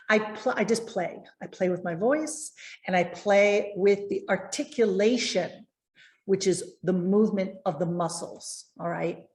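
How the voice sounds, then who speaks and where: A woman communication coach giving a lesson on presentation tips, speaking expressively and slowing down to stress key words. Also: medium pitch, a little mellow, roomy sound.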